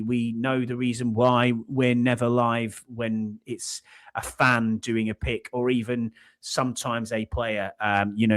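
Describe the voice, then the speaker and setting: A man hosting a casual sports podcast, chatty and hesitant, with frequent ums. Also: lowish voice. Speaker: podcast host.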